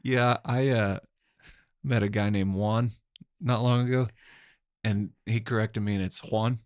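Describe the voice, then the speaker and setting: A middle-aged man from Oklahoma with an Oklahoma accent, hosting a podcast in a relaxed, meandering chat with easy chuckles. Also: fairly low pitch, unhurried, clear, resonant tone, no echo, studio quality. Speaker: podcast host. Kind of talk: casual chat.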